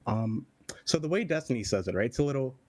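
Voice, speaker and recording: A man calls into a podcast and talks in a relaxed, halting way. He fills gaps with "uh" and keeps checking in with "right?". His voice sits at an ordinary middle pitch. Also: no echo. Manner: hesitant, many "uh" and "right?" tags. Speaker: caller. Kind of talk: casual call-in chat.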